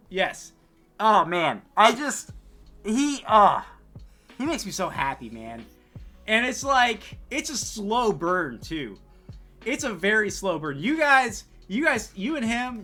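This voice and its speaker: A man co-hosting a casual podcast chat, his voice bright and lively with big swings in pitch. He jumps from loud, excited bursts to low, mumbled trailing words and laughs often. Faint music plays underneath. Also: slow pace. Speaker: podcast co-host.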